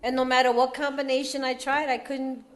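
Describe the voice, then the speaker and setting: A woman's voice: high voice, little pitch movement, fairly quick, fairly bright tone. A woman from California sharing her recovery story at a meeting, in streetwise slang, joking and laughing often.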